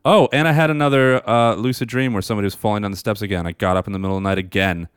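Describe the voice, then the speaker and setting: A man's voice: lowish voice, very fast, clear, resonant tone, no echo, clean studio sound. A man co-hosting a podcast, telling a story in casual chat and laughing often as he talks. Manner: animated, laughs often through his story. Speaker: podcast co-host.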